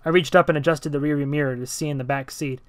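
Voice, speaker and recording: A man's voice: fairly high pitch, steady tone, fast, clean tone, no room sound. Man reading a tense first-person story. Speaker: amateur audiobook reader. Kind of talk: first-person novel narration.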